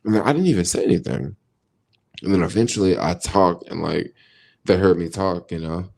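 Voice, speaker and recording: Low gravelly laid-back American man. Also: normal speed, a little mellow. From United States. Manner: laid-back and slangy, thinks aloud. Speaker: vlogger reading viewer comments. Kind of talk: casual livestream chat.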